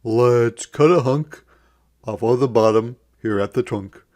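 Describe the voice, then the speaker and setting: A man's voice: mid-range voice, measured pace, a little mellow, natural voice. A man voicing a drowsy, cheerful father bear in a storybook read-aloud.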